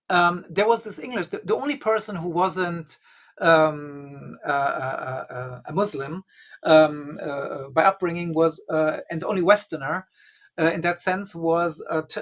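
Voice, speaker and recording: A man's voice: sits high, a bit bright. A man, a guest and Gnostic bishop, telling a long anecdote in casual conversation, full of "you know" and "um". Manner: rambling, leans heavily on 'you know' and 'um'. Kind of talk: conversational storytelling.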